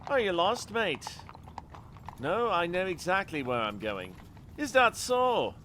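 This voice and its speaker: A man's voice: high voice, very animated, slow, bright, forceful tone, slight background noise, pitched above the performer's own voice, heavily acted. A man voicing a suspicious, bullying tavern doorman in a put-on working-class London accent, blunt and menacing.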